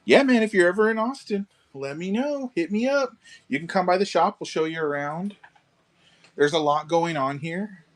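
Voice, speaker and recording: A man's voice: high voice, expressive, normal speed. Man, live-stream model kit seller, laid-back, chatty, casual swearing, garage shop.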